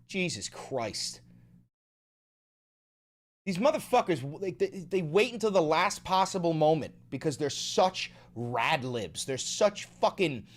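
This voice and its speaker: A man hosting a casual livestream, ranting fast and swearing often while he reads the chat. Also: a little high, sing-song. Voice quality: profane, rapid ranting. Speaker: livestream host.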